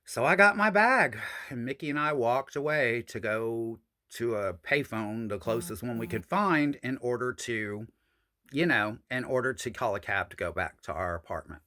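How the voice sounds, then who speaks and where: Guy doing a storytime vlog, super expressive pitch, cussing, calls everyone honey. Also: normal speed. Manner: animated, profane, addresses viewers as honey and y'all; jumps high in pitch for emphasis. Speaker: storyteller recounting own past. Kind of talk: casual storytime monologue.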